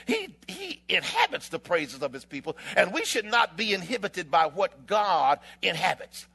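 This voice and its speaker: Man, preacher, high and lively pitch, gravelly, impassioned shouting sermon. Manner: impassioned, rising to shouts with dramatic pauses; rhythmic alliterative phrasing.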